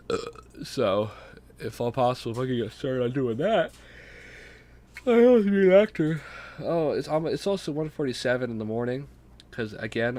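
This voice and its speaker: A young man with a stuffy, sick voice rambling casually and profanely on his own podcast late at night. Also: mid-range voice. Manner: rambling, self-deprecating, profane. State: sick, congested. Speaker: podcast host. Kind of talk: casual solo podcast talk.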